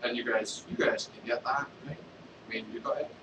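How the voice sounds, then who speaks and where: A man's voice: medium pitch, steady tone, normal speed, highs cut off, background noise. Rambling man far off in an echoey room. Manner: rambling, checks in with listeners. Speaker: host. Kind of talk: casual comedy monologue.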